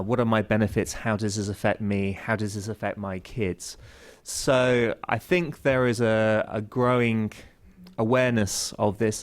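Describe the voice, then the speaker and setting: Hesitant low-voiced male panelist. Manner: hesitant, many fillers and restarts. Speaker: university teacher. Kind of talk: panel discussion answer.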